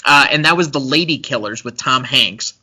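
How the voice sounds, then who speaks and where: A man's voice: medium pitch, moderate pace, pushed and bright, breathy edge. A young man co-hosting a casual movie-review podcast, chatty and analytical, with frequent fillers. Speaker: podcast co-host.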